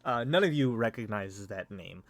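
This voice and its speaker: A man's voice: on the low side, animated, normal speed. A man narrating as game master in a tabletop game, rambling with many fillers. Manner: rambling, full of fillers and hedges.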